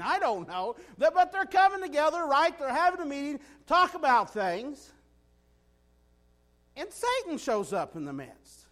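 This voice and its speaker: A man preaching a sermon in a folksy, animated way, often asking his listeners "right?". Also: very high-pitched.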